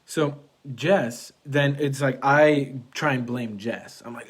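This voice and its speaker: A man's voice: mid-range voice, slow, husky. A young man talking casually to his followers, earnest and a little preachy, repeating his main points and filling gaps with "like," recorded on wireless earbuds. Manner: earnest, preachy, repeats key phrases, lots of "like". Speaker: vlogger, relationship coach. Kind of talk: casual monologue to camera.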